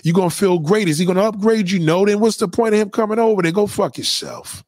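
A man streaming a casual, profane monologue, preachy and animated as he lectures his viewers. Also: sits high, fast, no room sound, studio quality. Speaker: live streamer.

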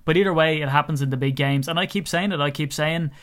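A young Irish man co-hosting a sports podcast, his voice sitting a little higher than most men's. He rambles through loose anecdotes and chuckles at his own stories in easy, casual chat. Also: fast talker, a bit bright. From Ireland. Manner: rambling storyteller, laughs often. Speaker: podcast co-host.

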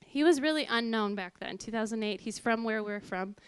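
A woman telling a personal testimony to an audience in a lively storytelling way, acting out what people said. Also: a little fast, smooth, dry recording. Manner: lively, acts out quoted voices with big pitch jumps. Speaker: speaker giving a personal testimony.

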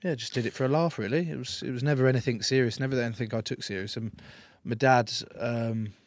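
A man's voice: mid-range voice, fast talker, no echo, clean studio sound. An English man from England, an interview guest in casual chat, telling stories in a laid-back, joking way with some swearing.

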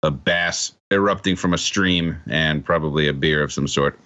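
A man's voice: very deep voice, moderate pace, sharp tone, dull audio. A man chatting casually on a podcast, joking wryly and swearing. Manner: joking, wry, profane.

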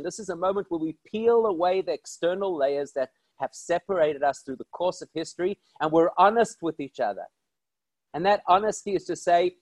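Animated storytelling rabbi, slightly high voice. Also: male voice, no room sound. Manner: animated, emphatic storyteller with rhetorical questions. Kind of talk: inspirational storytelling talk.

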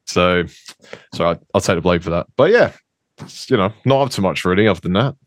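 A young man in casual podcast chat with a low voice. He hesitates, restarts, and pokes fun at himself. The recording is dry and close. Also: animated, a little fast, no room sound. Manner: self-deprecating, hesitant, many restarts. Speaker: podcast co-host.

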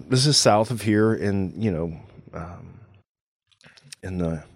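A man's voice: sits low, slow pace, husky, dry recording, studio quality. A man from Louisiana with a Cajun accent, hosting a casual radio and podcast chat, talking loosely with lots of "you know". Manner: conversational, rambling with frequent "you know".

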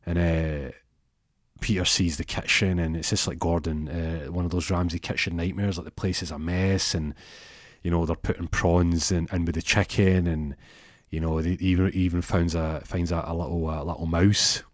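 A man casually rambling through a long story, doubling back on himself as he goes. His voice is very low and deep, and the sound is dry and close with no room around it. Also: flat delivery, moderate pace, no echo. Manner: rambling, meandering.

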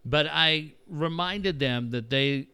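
Candid, bright-voiced middle-aged man. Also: fairly high pitch, slow pace, clear, resonant tone, no room sound. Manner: candid, profane, reflective storytelling. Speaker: podcast host. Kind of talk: casual conversation.

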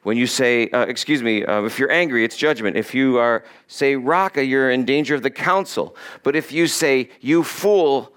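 Male pastor mid-sermon, relaxed and conversational with light jokes, average pitch. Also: moderate pace, few pauses, smooth. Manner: conversational and joking, reading scripture aloud.

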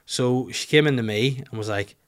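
A man with a Northern Irish accent, hosting a podcast and telling an animated, sweary, self-mocking story in casual chat. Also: mid-range voice, moderate pace, clear, resonant tone.

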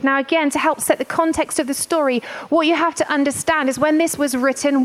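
A woman preacher giving a sermon in an emotional, emphatic, conversational way, repeating points for emphasis. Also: high-pitched.

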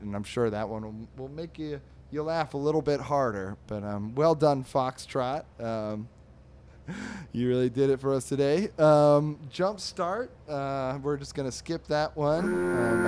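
On a comedy podcast, a man animatedly reads comic strips out loud, frequently laughing and putting on squeaky character voices. A little hiss or hum sits under the recording.

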